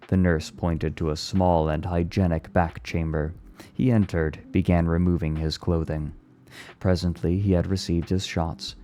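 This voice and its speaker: A man reading a novel aloud on stream, his voice very low and mellow. He takes the prose at a steady, deliberate pace and lets the phrasing breathe. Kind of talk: read-aloud storytelling.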